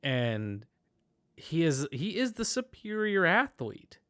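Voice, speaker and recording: A man's voice: on the high side, slow, smooth. Man in a casual movie chat. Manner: animated, rambling with restarts and fillers. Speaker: podcast host.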